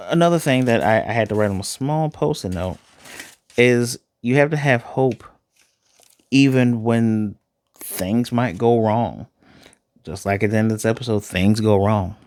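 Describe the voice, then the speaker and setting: A man's voice: fairly low pitch, a little mellow, no room sound. A man from Chicago giving an enthusiastic, casual spoken review of a TV episode, often repeating himself. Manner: enthusiastic, conversational, repeats phrases. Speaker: TV show reviewer.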